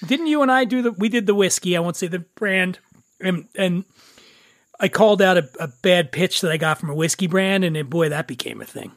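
A man hosting a podcast in casual chat, brash and excitable, swearing freely. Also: high voice, fairly quick, no echo. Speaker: podcast host.

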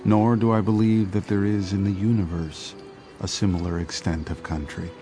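A man reading a historical passage aloud in a slow, measured way. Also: sits low, fairly even intonation, over music.

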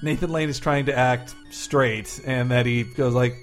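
A man's voice: mid-range voice, steady tone, moderate pace, few pauses, soft background music. A man co-hosting a podcast, chatting with enthusiasm and lots of "like" fillers. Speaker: podcast co-host. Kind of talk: casual podcast chat.

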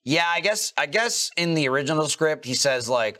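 A man chatting on a podcast with a bright, forward voice and a lively, swinging pitch. He is animated and swears freely. He keeps slipping into short character voices. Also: normal speed. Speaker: podcast co-host. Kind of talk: casual chat.

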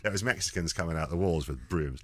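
A man's voice: low-pitched, fast, breathy edge, dry recording. A man, a comedian guest, telling rambling stories in an interview and acting out the quoted lines. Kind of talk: anecdotal interview chat.

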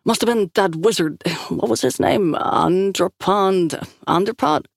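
A woman's voice: medium pitch, a little slow, gravelly, dry recording, clean studio sound, pitched above the performer's own voice. Offhand rambling young guy , a woman reading him.

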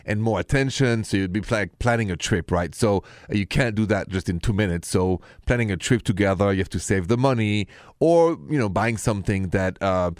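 A man's voice: on the low side, no room sound, clean studio sound. A man, hosting a call-in radio advice show, explaining things and teasing what comes next. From France. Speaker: radio relationship advice host.

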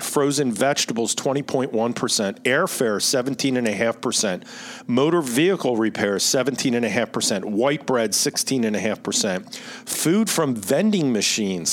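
A man's voice: mid-range voice, animated, moderate pace. A middle-aged man with a Philadelphia accent hosts a finance podcast. He talks in a loose, explanatory way, reading out figures and tossing in rhetorical questions. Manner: explanatory, reads out figures, asks rhetorical "right?". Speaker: financial advisor podcast host. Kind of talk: conversational podcast talk.

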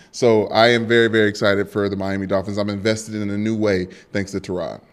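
A young man co-hosting a sports podcast, telling stories in a playful, animated way. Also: lowish voice, a little fast, few pauses, clear, resonant tone. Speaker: podcast co-host. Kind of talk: casual sports podcast chat.

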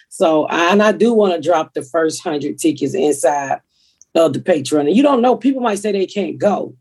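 A woman's voice: fairly low pitch, expressive, normal speed, a little mellow, slightly rough. A woman hosting a podcast, talking in a blunt, profane, rambling way. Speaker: comedian podcast host. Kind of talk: casual podcast chat.

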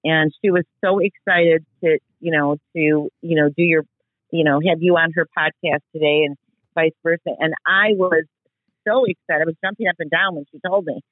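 A woman's voice: low voice, fairly even intonation, normal speed, no room sound. A woman calling in by phone as a guest's mother, gushing and effusive with lots of fillers, heard over a dull line. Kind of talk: phone call into a podcast.

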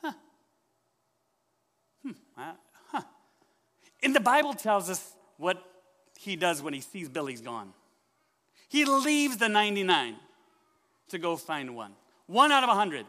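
A man preaching a sermon in church, telling a story with lively questions to the congregation. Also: high voice, measured pace, pauses often, big-room sound. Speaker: pastor.

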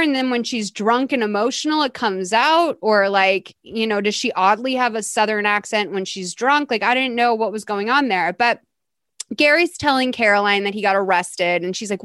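A woman hosting a podcast, recapping a movie in casual, animated chat with lots of laughs and "like". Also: mid-range voice, moderate pace, dry recording. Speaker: podcast host.

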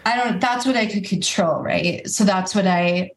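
A woman's voice: medium pitch, normal speed. Chatty woman in a roomy recording. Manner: candid and chatty, many fillers. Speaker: podcast guest, climber. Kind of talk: casual interview talk.

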